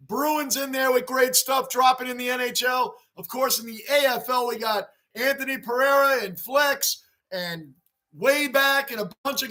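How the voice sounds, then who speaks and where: A man with a very high, bright voice hosts a live sports reaction stream. He talks casually to his chat, calling out scores and names, and shouts when the game heats up. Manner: excitable, shouts at big plays, reads chat names aloud. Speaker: livestream host.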